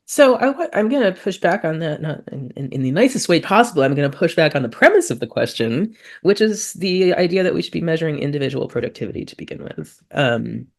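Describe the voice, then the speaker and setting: A woman speaking on a webinar panel, impassioned and quick to get worked up, with frequent "um" fillers. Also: low-pitched, sing-song, gravelly.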